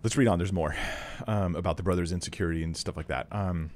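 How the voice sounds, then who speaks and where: A man teaching from the Bible, reading scripture aloud and adding casual, emphatic asides, often clearing his throat. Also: sits low, quick pace, a little mellow, a little hiss or hum. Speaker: Bible teacher critiquing a preacher.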